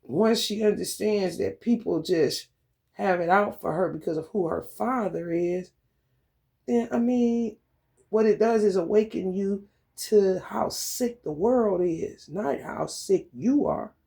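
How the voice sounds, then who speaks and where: A woman's voice: medium pitch, slow, creaky, dark tone, slightly rough. A woman giving a casual spiritual tarot reading, blunt and profane, talking emphatically and often laughing. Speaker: tarot reader.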